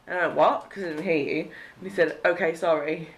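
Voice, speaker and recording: A woman's voice: lowish voice, fairly even intonation, fast talker. A young woman from Cheshire chatting casually on a vlog, telling a story with frequent giggles. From Cheshire, England. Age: young adult. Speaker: vlogger. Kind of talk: casual chat.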